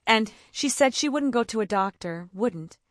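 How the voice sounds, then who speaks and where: A woman's voice: on the high side, animated, normal speed, no echo, studio quality, pitched above the performer's own voice, lightly acted. A woman reading the part of a distressed mother who sobs and moans her complaints. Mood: tearful. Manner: moaning, sobbing complaint. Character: tearful, fretful middle-aged mother.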